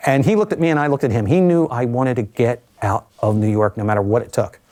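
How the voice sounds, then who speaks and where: An older man recounting his own survival in a documentary interview, measured and reflective with vivid asides. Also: mid-range voice, a little mellow.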